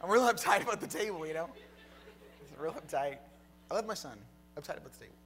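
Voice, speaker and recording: A young man preaching a sermon, telling a personal story that builds to a fervent, shouted close. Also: fairly high pitch, animated, quick pace. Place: church hall with congregation.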